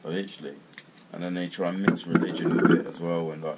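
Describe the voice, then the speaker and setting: A man's voice: deep voice, level tone, fast, heavy background noise. A man, ranting bluntly and swearing in a casual video monologue. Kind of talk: casual rant to camera.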